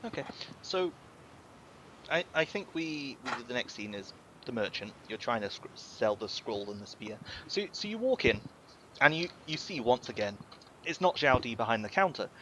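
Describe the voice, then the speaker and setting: A man's voice: medium pitch, very animated, normal speed, noisy background. A man narrating as game master in a tabletop game over a video call, rambling and repeating words as he describes scenes. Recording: dull lo-fi video call audio.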